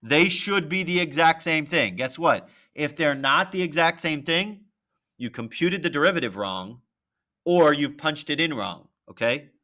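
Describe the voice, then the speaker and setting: A math teacher walking through a graphing problem on screen, thinking aloud and checking in with "right?" and "okay?". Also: male voice, fairly high pitch, expressive, measured pace, sharp tone. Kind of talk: screen-recorded lesson walkthrough.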